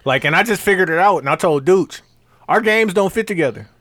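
A man's voice: sits high, brisk, no room sound. A man co-hosting a podcast, talking casually and animatedly, acting out what people said. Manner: animated, acts out quotes loudly. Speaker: podcast co-host. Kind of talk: casual chat.

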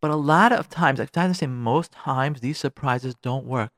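In clean studio sound with no echo, a medium-pitched male radio host gives relationship advice at a moderate pace. His marriage lectures are animated and preachy, and he keeps slipping into little acted-out scenes.

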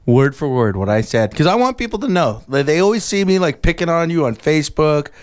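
A man's voice: fairly high pitch, sing-song, fairly quick, smooth. A man co-hosting a podcast, chatting casually and telling stories in a joking, mock-sentimental way. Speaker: podcast co-host. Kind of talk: casual banter.

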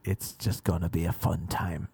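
A creepy, unhurried old man who looks like Santa speaks in a low, hushed American drawl, as an Irish comedian puts him on. His voice is gravelly and dry. Each word is calm and unbothered. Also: dry recording, heavily acted. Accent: put-on American.

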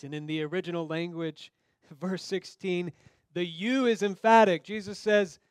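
A man's voice: sits high, steady tone, moderate pace, smooth, no echo, clean studio sound. A man preaching a sermon in a conversational way, speaking straight to his listeners and acting out the voices in the story. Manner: conversational, acts out quoted dialogue. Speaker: pastor.

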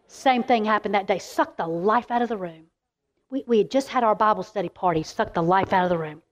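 A middle-aged woman, giving a keynote as animated, emphatic sermon-style storytelling. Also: a little high. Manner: animated and emphatic, quick asides. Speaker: keynote speaker. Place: large event venue.

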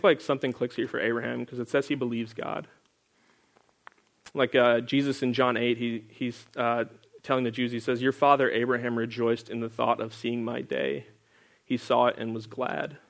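A man's voice: medium pitch, creaky. A young man leading a casual Bible study, reading scripture aloud and then explaining it in a loose, chatty way full of filler words. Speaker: Bible teacher.

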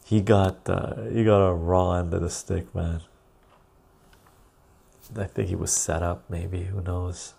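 A man's voice: low voice, level tone, slow, creaky, pauses often, mellow, a little hiss or hum. A man hosting a live stream, chatting casually and rambling as he reads out and answers viewer comments.

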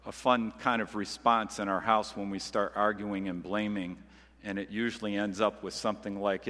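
A man's voice: fairly low pitch, flat delivery, moderate pace, fairly bright tone. A man preaching a sermon as pastor, in a conversational, earnest way. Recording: long reverb of a large hall.

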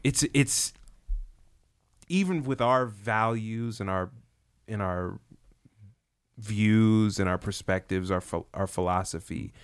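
A man with a low voice makes his point eagerly in a chat among friends. He stumbles and restarts as he builds emphasis. The recording is dry and close. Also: takes it slowly, pauses often, clear, resonant tone, dry recording. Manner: emphatic, enthusiastic, hesitant restarts. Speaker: podcast co-host. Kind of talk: casual chat.

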